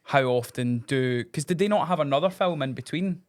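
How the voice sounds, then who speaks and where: A man in his thirties hosting a casual podcast chat, teasing and energetic. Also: a little high, brisk. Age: 30s. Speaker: podcast host. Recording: loud background noise.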